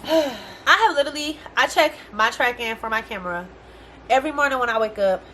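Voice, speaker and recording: Bright-voiced exasperated young woman vlogger. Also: a little high, brisk, a little hiss or hum. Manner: animated, exasperated, profane slang. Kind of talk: casual storytime rant.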